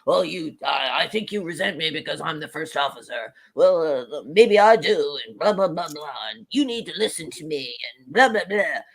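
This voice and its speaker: A woman's voice: low-pitched, expressive, moderate pace, gravelly, pitched below the performer's own voice. A woman parodying two bickering male starship officers in a mocking, dismissive tone.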